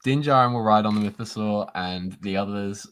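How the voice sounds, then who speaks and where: A man with a notably low voice, arguing his points in a relaxed group chat. He pushes back firmly but laughs often. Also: normal speed. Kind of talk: casual chat.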